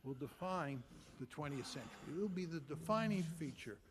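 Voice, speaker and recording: Male lecturer, somewhat high voice, blunt, emphatic, hammers points with repeated phrases. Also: animated, fairly quick, background noise. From United States. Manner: emphatic, blunt, builds arguments with rhetorical questions and repetition. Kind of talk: lecture to an audience.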